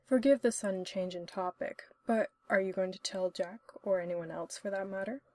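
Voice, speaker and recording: A woman voicing a refined, dryly witty male doctor in a spoken story reading, in a measured, formal manner. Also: medium pitch, fairly even intonation, darkish tone, no room sound, natural voice. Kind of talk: audiobook-style story reading.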